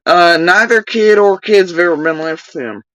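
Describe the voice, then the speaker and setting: A woman's voice: fairly low pitch, moderate pace, a bit bright, no room sound, distant mic, low-quality recording. A woman ranting heatedly on a livestream, swearing often as she vents. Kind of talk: livestream rant.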